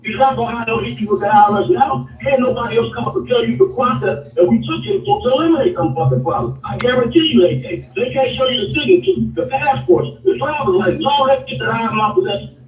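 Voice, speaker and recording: Guy ranting and swearing nonstop, high pitched, sounds far off in an echoey room, muffled. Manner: profane, insistent, repetitive. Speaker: interview guest. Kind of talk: heated rant. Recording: echoey, distant, muffled recording with crowd behind.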